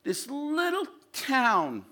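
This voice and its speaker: A male pastor preaching a sermon with passion, swinging from loud shouted lines to low, quiet asides. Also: wildly swooping pitch, extremely slow.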